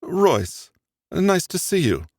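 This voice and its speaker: A man's voice: fairly high pitch, big pitch swings, normal speed, no room sound, clean studio sound, pitched above the performer's own voice. Margot, a man voicing a cool, proper mother. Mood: cool, prim. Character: woman around thirty, devoted mother, cool and proper, with an accent.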